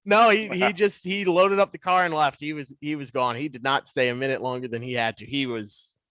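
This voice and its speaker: A man in his twenties, a podcast guest, telling stories in a casual, animated way. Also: a little high, brisk, no room sound. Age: 20s. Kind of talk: casual storytelling.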